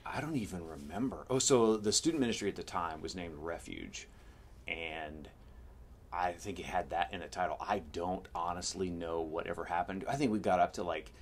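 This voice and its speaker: A man's voice: low-pitched, moderate pace, husky. A man co-hosting a podcast in casual chat, telling stories with wry, dry jokes. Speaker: podcast co-host.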